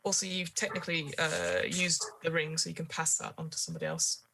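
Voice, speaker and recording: A woman's voice: low voice, very animated, a little fast, vocal fry, sharp tone, slight background noise. A woman running a tabletop horror game as game master, describing scenes with frequent fillers.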